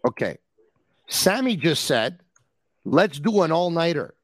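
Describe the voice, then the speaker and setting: A man hosting a call-in podcast, teasing his caller in a playful way with drawn-out emphasis. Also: on the high side, very animated, no echo, clean studio sound. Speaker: podcast host. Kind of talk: casual call-in chat.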